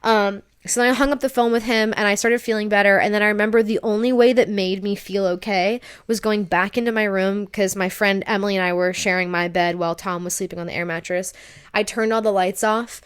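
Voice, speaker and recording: A young woman with a smooth, resonant voice tells a long personal story on a podcast. She talks casually and acts out her own panicky lines as she goes. Her pitch sits at a middle level for a woman. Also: steady tone, a little fast. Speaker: podcast co-host.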